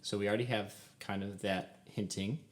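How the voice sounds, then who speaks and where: A man's voice: fairly low pitch, fairly even intonation, fairly quick. A young man co-hosting a casual podcast about a film. He talks eagerly with many "um"s and laughs often. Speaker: podcast co-host.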